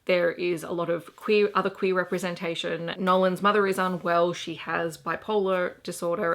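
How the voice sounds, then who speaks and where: A woman's voice: fairly low pitch, bright, forceful tone. A young Australian woman chatting through her recent reads in a casual, enthusiastic and rambling book vlog. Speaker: book vlogger.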